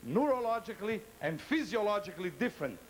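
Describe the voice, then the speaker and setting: A man's voice: high voice, very animated, quick pace, a little hiss or hum, rough recording. A man performing a stand-up comedy routine, talking in a theatrical, playful way and teasing the audience.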